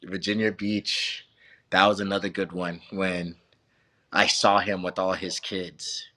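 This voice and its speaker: A man, a wrestling coach, telling stories as a podcast guest in an animated, profane way, often saying "bro". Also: low-pitched, a little slow. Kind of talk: casual storytelling.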